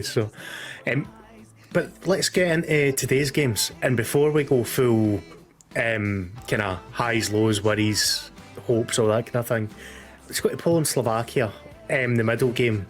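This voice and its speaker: A young Scottish man hosting a casual live-streamed football chat, enthusiastic and relaxed, with easy fillers. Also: medium pitch, unhurried, soft background music. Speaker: host.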